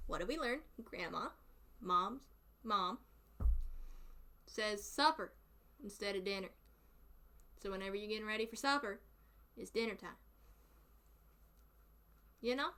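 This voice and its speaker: A chatty woman with a thick Southern US accent, laughing often as she talks casually with her stream followers. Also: a little high. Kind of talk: casual chat.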